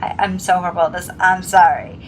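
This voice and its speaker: A woman co-hosting a casual chat about a drama episode, retelling scenes with lively acted-out quotes. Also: fairly low pitch, quick pace, a little hiss or hum, low-quality recording. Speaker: co-host discussing a drama episode.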